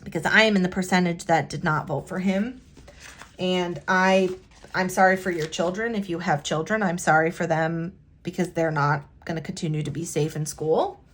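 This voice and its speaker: Speaking in a fairly low voice with mostly even intonation, this American planner vlogger talks casually while she decorates. She hesitates, sighs, and starts over often, but comes across as earnest and heartfelt.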